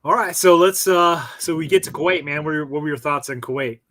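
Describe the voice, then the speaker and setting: Bright-voiced male podcast host. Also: a little high, fast, no room sound, poor audio. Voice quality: relaxed, explains things for listeners. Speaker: podcast host, Marine veteran. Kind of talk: casual interview.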